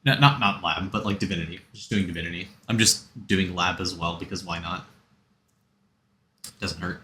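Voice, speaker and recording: A man's voice: sits low, normal speed, bright, forceful tone, slight background noise. A man streaming a game, chatting casually and rambling as he answers chat and gives game tips.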